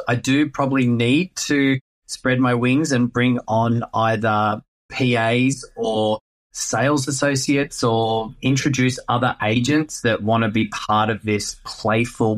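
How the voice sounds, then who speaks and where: A man, a real estate agent answering interview questions in a playful, animated way. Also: mid-range voice, unhurried.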